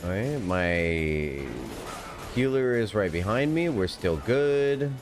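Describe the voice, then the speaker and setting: Low-ish guy on stream, laughs a lot, chatting with chat while he plays, faint game music behind. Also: animated, takes it slowly. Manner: chatty, giggly, talks to chat and teammates. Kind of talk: live gameplay commentary.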